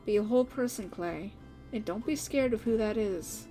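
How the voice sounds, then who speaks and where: A woman voicing a gentle, wise innkeeper who gives encouraging advice. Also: medium pitch, moderate pace, faint music behind, lightly acted. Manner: warm, encouraging counsel. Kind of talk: fan voice acting of a game.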